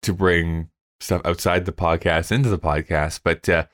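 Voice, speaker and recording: A man's voice: deep voice, steady tone, normal speed, fairly bright tone. A man co-hosting a podcast in casual chat, wry and laid-back. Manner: wry, laid-back, lots of short agreeing replies. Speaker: podcast co-host.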